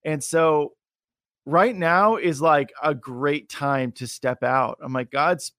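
A young man hosting a faith interview, talking in an energetic, encouraging, rambling way with many fillers. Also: on the high side, slow, no room sound, studio quality. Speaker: podcast host. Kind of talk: animated faith interview chat.

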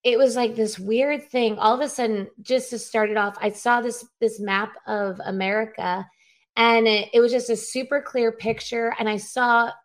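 A woman's voice: a little high, fairly even intonation, normal speed. A woman in her thirties, a revivalist guest, chatting upbeat with frequent laughs and fillers from home. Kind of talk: casual interview chat. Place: at home on a live video call.

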